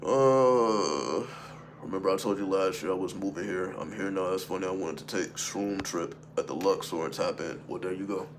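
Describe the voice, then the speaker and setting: Low-voiced man swearing through a livestream. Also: moderate pace, a little hiss or hum. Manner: profane, emphatic, full of rhetorical questions. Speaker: spiritual content creator on a livestream. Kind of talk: unscripted livestream monologue.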